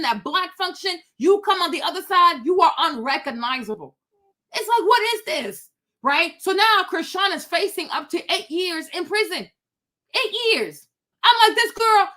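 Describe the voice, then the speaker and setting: A woman hosts a livestream outdoors, her voice high and bright. She talks in an emphatic, opinionated way and circles back to the same rhetorical questions again and again. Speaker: livestream host.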